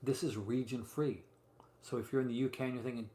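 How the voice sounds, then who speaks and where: A man with a medium-pitched, fairly even voice talks a little fast as he hosts a casual live stream from a room at home, showing off physical movie releases. He's chatty and rambling, full of fillers and asides. The audio has a roomy echo and faint room noise.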